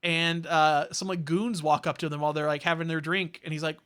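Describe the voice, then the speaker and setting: Male podcast co-host, rambling recap full of fillers, bright voice. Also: on the high side, level tone, a little fast, clean tone. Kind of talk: casual chat.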